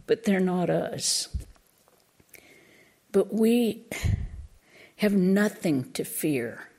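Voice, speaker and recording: A woman's voice: fairly low pitch, gravelly, darkish tone. A woman giving a reflective spiritual talk as a lecturer, thoughtful and searching for words as she goes.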